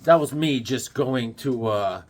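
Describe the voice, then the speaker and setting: A middle-aged man rambling and joking through a casual comic-collecting vlog, goofy and animated. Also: mid-range voice. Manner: goofy, joking, animated, acts out quick bits.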